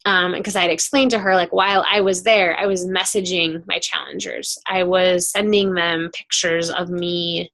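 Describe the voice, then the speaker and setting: A woman leads a team call in a loose, chatty way, full of fillers. Her voice has a gravelly creak, and she comes through a video call mic. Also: lowish voice, steady tone, normal speed, few pauses, a bit bright. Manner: chatty, filler-heavy storytelling. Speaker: team coach hosting a call.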